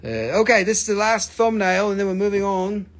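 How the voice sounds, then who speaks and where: Higher-voiced joking man selling rocks live. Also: expressive, brisk. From Appalachian region of the US. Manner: joking, rambling, cusses freely. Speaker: host of a live mineral sale. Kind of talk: casual live-stream selling.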